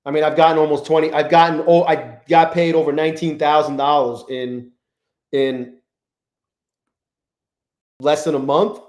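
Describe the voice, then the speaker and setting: A young man talks loosely and profanely to his live audience as he trades, his voice sitting fairly high. He keeps greeting chat viewers by name between remarks. The room around him rings with echo. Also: darkish tone. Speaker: live-stream trading host. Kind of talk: casual live-stream chat. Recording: echoey room.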